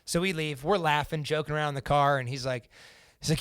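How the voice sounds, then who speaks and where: A man's voice: on the high side, fairly even intonation, a little fast, hardly any pauses, fairly bright tone, smooth, no room sound, clean studio sound. A young man from Central Indiana, a podcast guest casually telling a personal story, swearing freely and acting out what others said. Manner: casual and profane, acts out the quoted lines.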